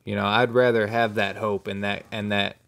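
A man's voice: on the low side, level tone, moderate pace, creaky, a bit bright. A young man hosting a casual podcast conversation, speaking earnestly and plainly about faith. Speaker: podcast host.

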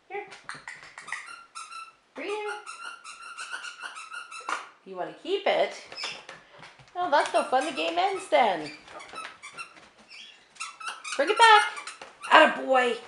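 A woman's voice: high voice, big pitch swings, extremely slow, creaky, pauses often. A woman training her puppy at home, giving short commands and sing-song praise. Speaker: dog trainer. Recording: echoey room with background noise.

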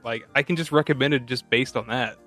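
A man co-hosting a casual movie-review podcast, wry and quick to laugh, swearing casually. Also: medium pitch, a bit bright, faint music behind. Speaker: podcast co-host. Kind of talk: casual movie-review chat over beer.

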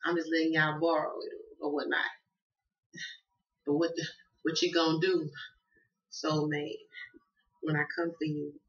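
A Southern woman reading tarot in a loose, cussing, emphatic monologue. Her voice is bright and forceful, and the audio sounds dull and lo-fi. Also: deep voice, flat delivery, measured pace, long pauses. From Southern United States. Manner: profane, emphatic, slangy and affectionate. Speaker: tarot card reader.

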